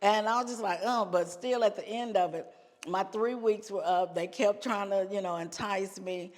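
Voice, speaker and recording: A woman's voice: mid-range voice, steady tone, moderate pace, in a large hall. A woman from the United States, a gospel singer, telling her life story as a podcast guest and often repeating phrases for emphasis. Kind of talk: casual storytelling in an interview.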